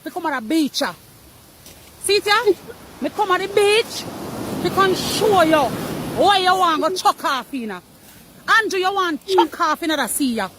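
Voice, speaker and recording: Jamaican woman, very high and sharp, angry accusing street rant by the beach, faint background noise. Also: expressive, measured pace, long pauses. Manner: accusing, repeats a name over and over. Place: outdoors by the beach.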